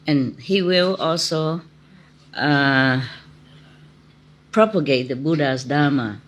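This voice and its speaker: A woman's voice: deep voice, slow pace, slight background noise. A middle-aged woman giving an informal spiritual talk, chatty and laughing often as she tells stories in simple non-native English. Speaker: spiritual teacher.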